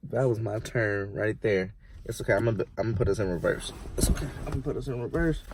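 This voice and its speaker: A man's voice: on the low side, fast, a little hiss or hum, natural voice. A man playing a stubborn driver who refuses GPS, gets lost and shifts the blame, in a comedy sketch. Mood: defensive.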